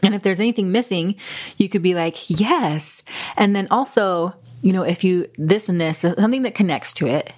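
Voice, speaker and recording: A woman co-hosting a podcast with her husband, speaking in a warm, emotional, chatty way. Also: lowish voice, brisk, few pauses. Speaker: podcast co-host. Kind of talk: casual conversation.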